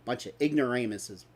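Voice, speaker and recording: A man hosting a talk stream, ranting in an angry, sarcastic and profane way. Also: medium pitch. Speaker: host.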